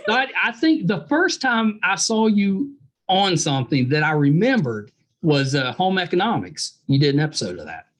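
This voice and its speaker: A man from West Virginia speaks with a thick West Virginia accent and a lively, rising and falling voice. He hosts a casual podcast chat in a friendly, folksy, encouraging way. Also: high voice, normal speed. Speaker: podcast host.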